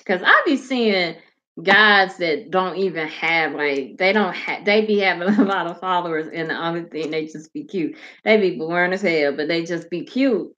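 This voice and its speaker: A woman hosting her own channel, chatting casually and reading viewer comments out loud, loose and slangy with frequent swearing. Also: on the low side, moderate pace, dull audio.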